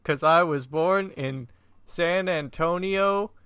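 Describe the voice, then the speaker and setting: A self-important old general, as a man puts him on, blustering along in a slow drawl. His voice is bright and smooth, a touch high, and the sound is dry. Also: no echo.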